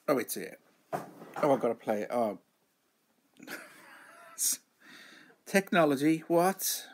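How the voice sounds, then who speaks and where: Guy rambling on his home live stream, chatty, says hi to viewers, middle pitch voice. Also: very animated, slow, slight background noise. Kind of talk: casual live stream chat.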